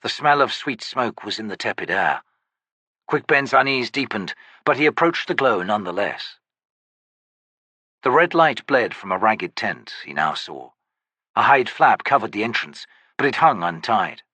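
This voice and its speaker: A man narrating a fantasy audiobook in a measured, expressive storytelling manner. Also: fairly low pitch, no echo.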